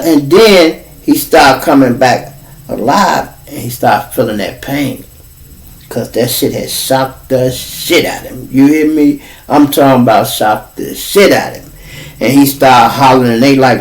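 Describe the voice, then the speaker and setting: The speaker is a male podcast host from Chicago, by his accent, with a mid-range voice at a moderate pace. He's recorded from a distance in poor audio while he tells a story through a loose, profane monologue, acting out quoted voices with animation.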